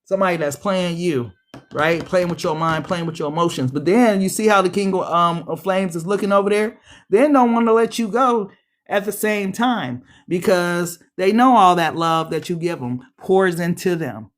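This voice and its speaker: A woman giving a casual tarot reading straight to her viewers, animated and slangy, often laughing and playing out what people say. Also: on the low side, normal speed. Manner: animated, chatty, addresses viewers directly; frequent laughs and acted-out quotes. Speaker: tarot reader.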